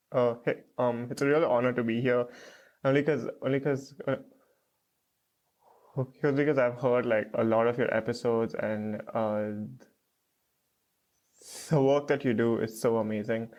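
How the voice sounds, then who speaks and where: A young man, a podcast guest, speaking slowly and hesitantly with stutters, repeats and many fillers. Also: medium pitch, a little mellow, highs cut off. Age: young adult. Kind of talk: podcast interview.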